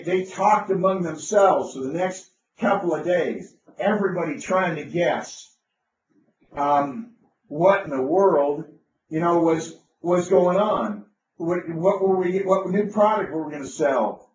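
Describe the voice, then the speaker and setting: Man, high voice, eager storyteller, rambling, distant mic, dull lo-fi room sound. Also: unhurried, reverberant, a little hiss or hum. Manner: enthusiastic, rambling with restarts. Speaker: business speaker. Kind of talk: anecdotal storytelling talk.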